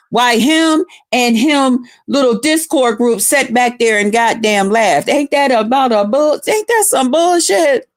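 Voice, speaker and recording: A woman livestreamer telling a long, profane, rambling story, breaking off to greet viewers. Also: on the high side. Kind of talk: casual livestream rant.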